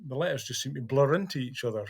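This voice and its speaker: A man's voice: mid-range voice, fast talker, vocal fry, a little hiss or hum. A Scottish man, a guest on a podcast, reading literature aloud and then chatting about it. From Scotland. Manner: animated, broad-voiced reading.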